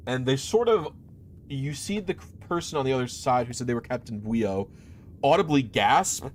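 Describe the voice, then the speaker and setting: A man's voice: medium pitch, lively intonation, normal speed, slight background noise. Man narrating as game master, hesitant. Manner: rambling, hesitant, many fillers.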